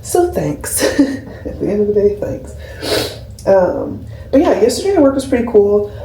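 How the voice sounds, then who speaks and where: In her twenties, a labor and delivery nurse who vlogs talks casually to a camera propped on a skincare shelf in a room at home, rambling warmly about her week and saying "like" a lot. Her mid-range voice is mellow and unhurried, with big swings in pitch. The distant camera mic gives the audio a roomy, slightly far-off sound.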